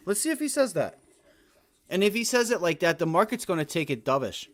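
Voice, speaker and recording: A man with a somewhat high voice talks through live market commentary on his trading stream. His talk is loose and full of slang, and it often rises into loud, heated rants. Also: expressive, brisk. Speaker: day trading livestream host.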